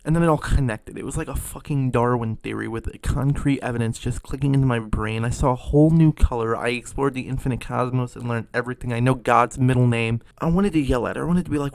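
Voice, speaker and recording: A man's voice: mid-range voice, fast talker, gravelly, few pauses, no room sound. A young man telling a sarcastic, profane comedy story about customers at his food service job.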